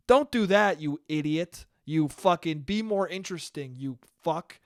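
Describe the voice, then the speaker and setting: A man's voice: high voice, moderate pace, hardly any pauses, no room sound, studio quality. A young man hosting his own solo podcast, ranting with lots of swearing and mocking quotes. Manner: ranty, profane, mocking put-on poet voices. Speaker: podcast host. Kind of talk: solo comedic rant.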